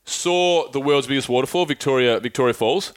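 A man co-hosting a casual travel podcast chat, an excited storyteller who swears freely. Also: medium pitch, a little fast, smooth. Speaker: podcast co-host.

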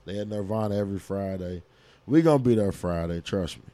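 Brash, hyped man with a mellow voice. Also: deep voice, brisk, no echo. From Kentucky, US. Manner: brash and hyped, swears freely. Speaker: podcast co-host. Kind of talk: casual podcast chat.

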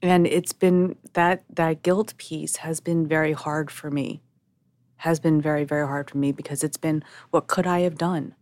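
Low-voiced woman talking frankly. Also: steady tone, darkish tone. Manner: emotional, searching, speaks in halting restarts. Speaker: podcast co-host. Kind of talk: candid conversational podcast.

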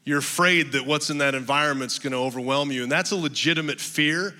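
A man preaching in a church hall, his voice sitting a little high and sounding very bright and cutting. Long reverb trails behind his words, and he speaks in an emphatic, storytelling way with some humor. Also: a little fast. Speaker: pastor. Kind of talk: sermon.

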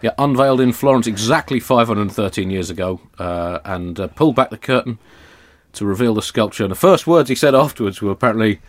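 A man's voice: lowish voice, expressive, a little fast. English man hosting comedy podcast. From Britain. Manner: dry, mock-formal, digressive.

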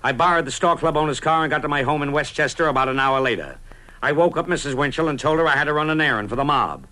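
A middle-aged man telling his own story as scripted radio narration, with a brisk, punchy newsman's delivery. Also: fairly high pitch, lively intonation, pushed and bright, soft background music.

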